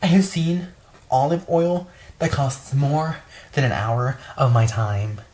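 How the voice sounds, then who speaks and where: A woman's voice: extremely low pitch, slow pace, warm tone. A young woman store worker ranting in a casual vlog, swearing often and exasperated, full of fillers.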